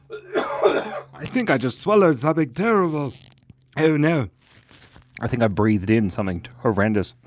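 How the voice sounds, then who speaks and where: Lively cheerful man chatting on a live stream. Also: mid-range voice, unhurried, long pauses, slight background noise. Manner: cheerful, chatty, thanks viewers constantly. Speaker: host of a live drawing stream. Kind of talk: live-stream chat while drawing. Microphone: clip-on lapel mic.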